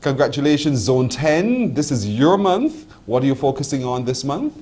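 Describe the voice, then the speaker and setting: A man's voice: medium pitch, sing-song, normal speed, a little mellow. A Barbadian man hosting a live morning TV and radio show, chatting playfully with a caller and laughing often. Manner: playful, laughs a lot, teasing.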